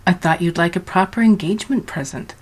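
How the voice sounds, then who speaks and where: A woman voicing Death as a suave, unflappable male suitor who speaks in a calm, dry, matter-of-fact way in a storybook reading. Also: fairly low pitch, fast talker, close to an everyday voice.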